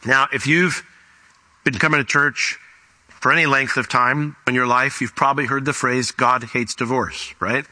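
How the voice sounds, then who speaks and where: A man preaching a sermon as pastor, reading scripture aloud and explaining it, often rising in pitch for emphasis. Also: moderate pace. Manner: animated, rises sharply in pitch for emphasis.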